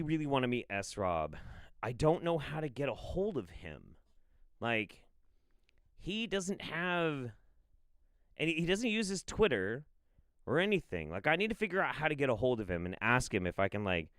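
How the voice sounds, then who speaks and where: Male streamer, incredulous and profane commentary, animated delivery, dry close sound. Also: mid-range voice, dry recording. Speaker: streamer reacting to clips. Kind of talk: commentary on played clips.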